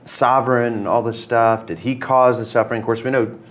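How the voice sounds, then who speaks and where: A man's voice: medium pitch, fairly even intonation, brisk. A middle-aged man, a pastor, talking thoughtfully in a casual conversation, often hesitating and repeating words. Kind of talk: casual conversation about faith.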